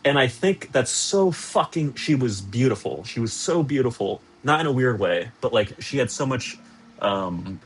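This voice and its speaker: A man's voice: mid-range voice, expressive, normal speed, slight background noise. A young man streaming from a hotel room, chatting casually and reading out viewer messages in a rambling, sarcastic, self-deprecating way with lots of swearing.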